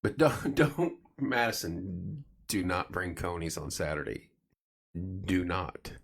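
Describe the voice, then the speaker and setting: Middle-aged male host, lowish voice, chatty and animated, does quick voices for people in his stories. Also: gravelly, husky. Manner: animated storyteller, acts out quoted voices. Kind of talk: casual late-night chat.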